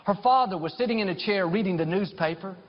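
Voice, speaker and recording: A man's voice: sits high, quick pace. Preaching man, echoing through a large hall. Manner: storytelling, building to fervent declarations. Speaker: pastor. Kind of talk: sermon. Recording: dull sound with long hall reverb.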